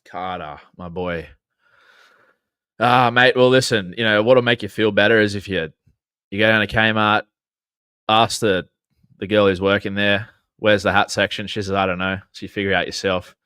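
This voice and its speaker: A man's voice: fairly low pitch, steady tone, moderate pace, bright, forceful tone, clean tone, no room sound. An Australian man hosting a casual sports chat, laid-back and jokey, swearing freely. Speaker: podcast host reading chat.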